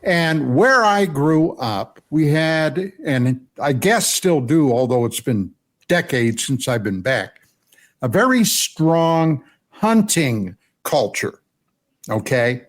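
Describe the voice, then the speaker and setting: An older man from Pennsylvania telling a personal story on a radio show, animated and often asking "okay?". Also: fairly high pitch, takes it slowly. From Pennsylvania, USA.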